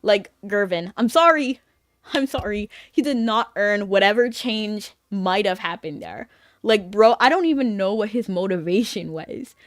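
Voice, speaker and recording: A woman's voice: medium pitch, expressive, measured pace, no room sound, clean studio sound. A woman streaming a game, chatting casually with her viewers in a rambling, filler-heavy way and laughing easily.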